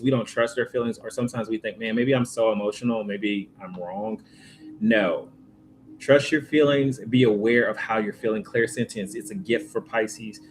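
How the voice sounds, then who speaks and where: Male tarot reader, mid-pitched, easygoing and talkative, relaxed slang, light background noise. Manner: chatty and informal, with slangy asides. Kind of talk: casual tarot reading to viewers.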